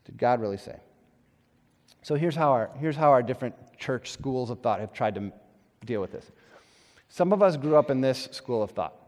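A male pastor preaching a sermon in a conversational, animated way, with self-deprecating humor and acted-out quotes. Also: medium pitch, moderate pace, big-room sound.

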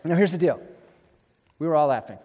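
A male pastor preaching a sermon in a conversational, animated way, with self-deprecating humor and acted-out quotes. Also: on the high side, brisk, big-room sound, highs cut off.

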